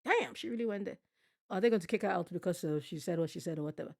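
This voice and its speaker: Gravelly woman ranting profanely. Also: on the low side, quick pace. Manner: blunt, profane, riffing and repeating phrases. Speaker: streamer reacting to a TV show. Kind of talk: casual reaction commentary.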